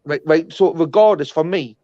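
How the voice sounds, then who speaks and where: Sweary rambling man host, slightly high. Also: normal speed, dark tone, no echo. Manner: rambling, repetitive, heavy swearing. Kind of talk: casual banter on a live stream. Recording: dull, dry lo-fi sound.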